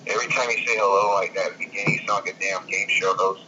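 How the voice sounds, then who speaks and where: A man's voice: low-pitched, steady tone, quick pace. A man co-hosting a casual wrestling podcast, teasing the others and swearing freely. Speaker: podcast co-host. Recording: dull online call with clear hiss.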